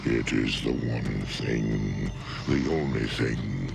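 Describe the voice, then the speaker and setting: A colossal planet-god. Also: male voice, takes it slowly, exaggerated voice. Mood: commanding. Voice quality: booming, gravelly, electronically processed. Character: giant evil planet-devouring god, menacing. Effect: synthesizer-processed voice. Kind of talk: animated film voice acting. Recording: film soundtrack with loud score.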